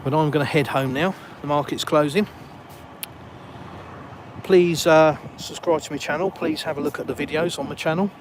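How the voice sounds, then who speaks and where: A man's voice: a little high, fairly even intonation, moderate pace. A man with a southern English accent, hosting a live stream outdoors and chatting casually with viewers in a self-mocking way. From England. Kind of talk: live stream chat, reading comments. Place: outdoors in a village, walking. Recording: noisy outdoor phone stream. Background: passing cars and street noise.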